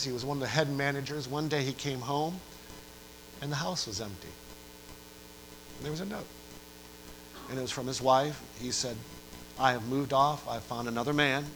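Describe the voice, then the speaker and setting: A man's voice: medium pitch, fairly bright tone, a little hiss or hum, rough recording. An older man from Western New York, a pastor preaching a sermon with earnest storytelling and emphatic repetition.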